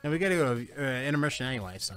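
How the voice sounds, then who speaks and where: A man's voice: mid-range voice, lively intonation, rapid-fire, a bit bright, soft background music. A man hosting a casual podcast, rambling and dropping "man" into most sentences. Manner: rambling, with many "man" and "like" fillers. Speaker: host.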